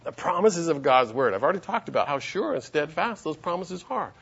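A man preaching a sermon and reading scripture aloud, emphatic and animated. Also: on the high side, a little fast, breathy edge, highs cut off.

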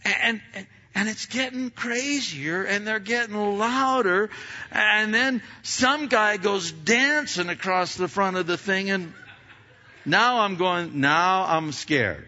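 Halting, bright-voiced man preaching. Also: sits high, lo-fi sound. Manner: halting, repeats words, animated storyteller. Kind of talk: sermon storytelling.

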